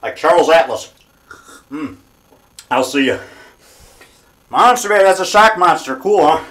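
A man in a casual home video, talking loudly and boastfully in a goofy, joking way. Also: fairly high pitch, expressive, measured pace, echoey room. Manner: boastful, loud and goofy, jokey. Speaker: vlogger.

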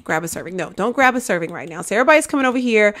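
A woman's voice: medium pitch, expressive, racing, a bit bright. A woman giving casual gameplay commentary, chatting to her viewers and coaxing her game characters along. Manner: chatty, coaxes and scolds her game characters, says "y'all". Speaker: gaming video creator.

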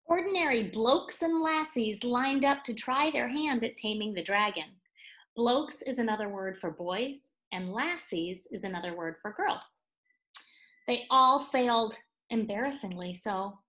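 A woman reading a children's picture book aloud, pausing to explain words and add playful asides. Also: a little high, pushed and bright. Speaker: read-aloud storyteller for children.

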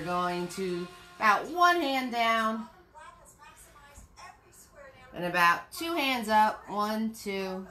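A woman hosts a live painting class, unhurried and chatty, with a bright, forceful voice pitched a little high. She repeats her cue words in a playful, sing-song way as she guides each step. Soft music plays faintly behind her. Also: lively intonation, low-quality recording. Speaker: paint party instructor.

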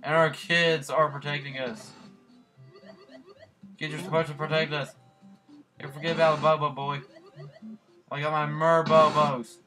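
A man casually commentating his own gameplay, goofy and rambling, cracking jokes and shouting at the screen. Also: a little high, level tone, normal speed, long pauses, faint music behind. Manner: goofy, rambling, sings snatches of songs. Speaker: let's play host.

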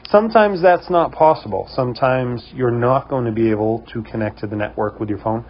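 Husky New England man explaining. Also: medium pitch, brisk, highs cut off. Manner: relaxed, many "um" fillers. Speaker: host of a security camera company channel. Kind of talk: casual how-to tutorial.

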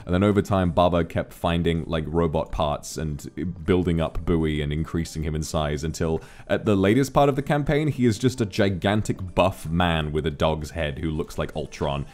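Deep-voiced sleepy man streaming. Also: normal speed, few pauses. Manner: relaxed, drowsy, chatty storytelling. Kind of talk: casual livestream chat. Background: faint music.

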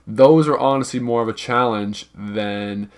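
A young man talks through a video game guide in a relaxed, unscripted way, his voice sitting at an ordinary middle pitch. He hedges his counts, restarts phrases and wanders a little as he explains. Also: unhurried. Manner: rambling and informal, hedges numbers, repeats himself. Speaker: gaming video guide creator. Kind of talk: casual gameplay walkthrough narration.

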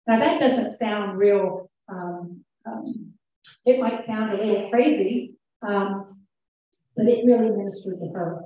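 A woman conference speaker giving a sermon-style teaching in a church, telling a story in an earnest, halting way. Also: medium pitch, warm tone. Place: church sanctuary. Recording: very echoey church sound, far from mic, dull.

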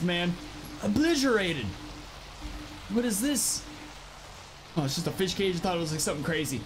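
A young man giving casual, excitable gameplay commentary, swearing often and yelling at his creatures during fights. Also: high voice, background noise. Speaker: gameplay streamer.

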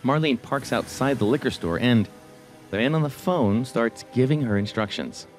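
A man narrating a true story in a measured, scripted way, adding quiet murmured reactions. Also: medium pitch, expressive, faint music behind. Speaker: podcast host and narrator.

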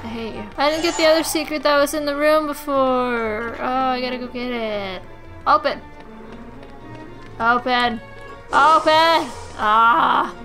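A woman's voice: sits high, fairly even intonation, normal speed, fairly bright tone. A tipsy young woman giving brash, foul-mouthed let's-play commentary as the host. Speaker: gaming host. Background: game music.

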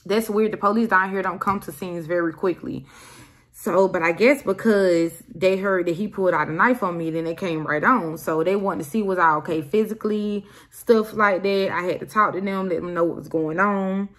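A young woman vlogger telling a storytime story in an animated, emphatic way. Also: on the low side, moderate pace. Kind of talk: casual storytime.

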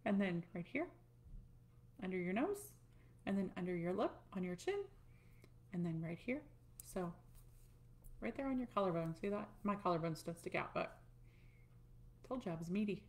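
A woman's voice: lowish voice, sing-song, normal speed, pauses often, a little mellow. Chatty woman coaching a tapping routine. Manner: chatty, demonstrates while talking, self-deprecating. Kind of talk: casual instructional talk.

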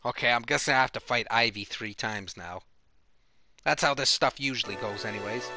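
A man casually commentating a fighting game, hoarse and excitable, with loud exclamations. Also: medium pitch, normal speed. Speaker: gaming commentator. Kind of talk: casual let's play commentary. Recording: commentary over game music.

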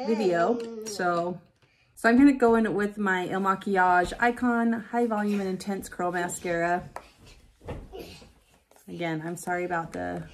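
A woman's voice: fairly low pitch, creaky, a little hiss or hum. A woman in her thirties chatting casually to her viewers while doing her makeup at home, telling a story and laughing easily. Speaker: beauty vlogger.

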